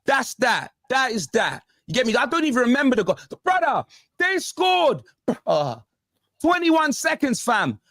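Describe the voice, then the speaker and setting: A man's voice: very high voice, very animated, measured pace, sharp tone, no echo, clean studio sound. A man hosting a football panel, ranting animatedly about his team with heavy slang. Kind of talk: heated football banter.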